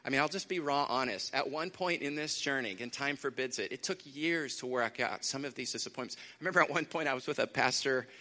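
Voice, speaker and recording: A man preaching a sermon in a conversational way, repeating phrases for emphasis, with lively asides. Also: mid-range voice, brisk, few pauses. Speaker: pastor. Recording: long hall reverb.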